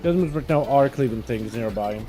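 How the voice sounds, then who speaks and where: A man hosts a livestream, casually narrating his gameplay and calling out viewers by name. He has a medium-pitched, mellow voice with lively intonation, speaks fairly quickly, and faint music can be heard behind him.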